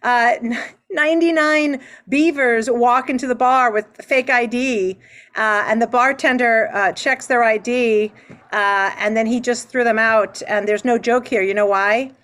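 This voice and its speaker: A woman hosting a live online improv comedy show, playfully calling on players and telling quick bar jokes. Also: on the high side, a bit bright.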